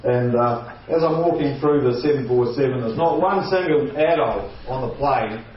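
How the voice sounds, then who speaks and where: A man tells a funny anecdote with a lively delivery, slipping into other people's voices and chuckling along the way. He sounds set back from the mic in a very echoey space, and the sound is a little dull. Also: medium pitch, normal speed, far from the mic, slight background noise. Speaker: guest storyteller. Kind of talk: comedic anecdote.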